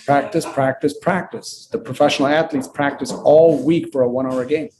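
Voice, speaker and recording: Lively man with a mellow voice. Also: mid-range voice, normal speed. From Lebanon. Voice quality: acts out dialogue, repeats himself for emphasis. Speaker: real estate agent guest. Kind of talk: animated storytelling on a call.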